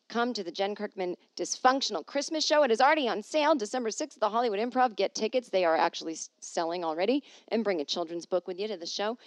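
A touring comedian hosts her own podcast, chatting casually into a podcast microphone and reading listener emails aloud. Her mid-range voice comes through with no room sound as she rambles along in a playful, self-deprecating way.

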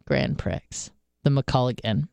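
A woman radio co-host in casual studio chat, her voice smooth and clear over a dry, close mic. She tells stories frankly, swears freely and stumbles through fillers. When she quotes someone, her voice leaps much higher. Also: fairly even intonation, a little slow, darkish tone, no echo. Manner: candid and profane, lots of fillers and restarts.

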